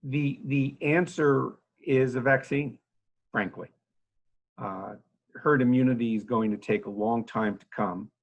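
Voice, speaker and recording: A man in his sixties giving an earnest, halting talk over a video call about running care homes, with many fillers and restarts. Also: medium pitch, husky, lo-fi sound. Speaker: nursing home agency head speaking to a club. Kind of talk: informal talk to a civic club.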